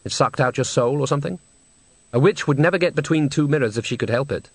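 Dry, measured male audiobook narrator. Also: mid-range voice, a little mellow, slightly rough, no room sound. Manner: measured, wry storytelling. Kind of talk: scripted narration. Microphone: close studio mic.

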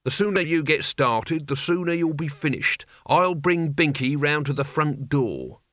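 A man's voice: on the high side, expressive, a little slow, fairly bright tone. A man doing a sneering old servant. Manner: gruff and scornful. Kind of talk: audiobook character voice.

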